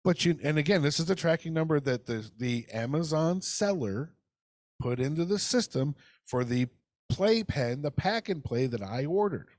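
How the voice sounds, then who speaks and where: On a casual ranting podcast, a male co-host with a slightly high, somewhat mellow voice tells a heated, profane story at normal speed, acting out phone calls. His delivery is expressive, and the studio-quality sound has no echo.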